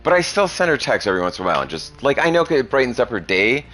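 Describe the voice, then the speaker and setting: A man's voice: mid-range voice, sing-song, quick pace, sharp tone, faint music behind. A young man streaming, chatting casually with a young viewer, crude and profane, rambling and laughing often. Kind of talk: casual chat.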